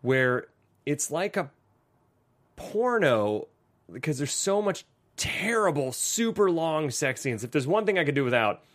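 A man's voice: a little high, measured pace. A man co-hosting a podcast, chatting casually and joking around, with plenty of fillers. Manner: animated, jokey, lots of fillers. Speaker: podcast co-host. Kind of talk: casual chat.

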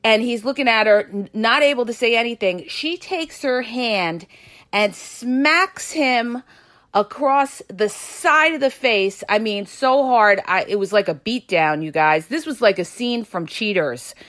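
A woman podcast host telling a dramatic personal story to her listeners, often checking in with them as she talks. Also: measured pace. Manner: animated, addresses listeners with "you guys" and "all right?"; dramatic retelling, gets loud and high at tense moments.

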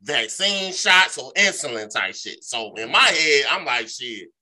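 A man with a very bright, forward voice spins a long, rambling story on a podcast. He talks loosely and profanely, packs his sentences with filler phrases, and acts out the other people in the tale as he goes. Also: mid-range voice, lively intonation, measured pace. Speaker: podcast co-host. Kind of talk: casual storytelling.

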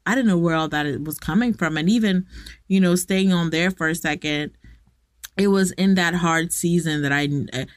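A woman's voice: on the low side, normal speed, no echo, clean studio sound. Candid young woman podcasting from home. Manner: candid and conversational, addresses listeners directly. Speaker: podcast host. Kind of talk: personal reflective podcast monologue. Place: walk-in closet at home.

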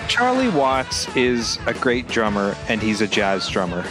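A man co-hosting a podcast in casual chat, excitable and laughing often, acting out drum sounds. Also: mid-range voice, a little slow, music in the background. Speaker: podcast co-host.

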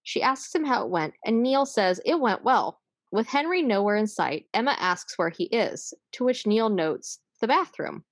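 A woman, hosting a podcast, chatting casually and recapping an episode, enthusiastic and quick to swear and laugh. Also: a little high, lively intonation, no echo, studio quality. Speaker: podcast host.

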